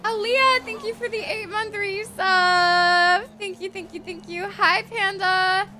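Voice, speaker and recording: Very high-voiced excitable woman streamer. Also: slow pace. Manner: swears freely, excitable and chatty. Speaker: live streamer. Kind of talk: casual live-stream chat while role-playing a game.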